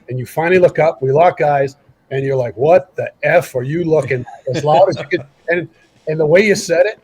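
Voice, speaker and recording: A man's voice: mid-range voice, breathy edge, rough recording. A middle-aged man from Canada, a guest telling stories in a casual interview and acting out the lines he quotes. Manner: animated storyteller who acts out quoted lines. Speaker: guest, former hockey player.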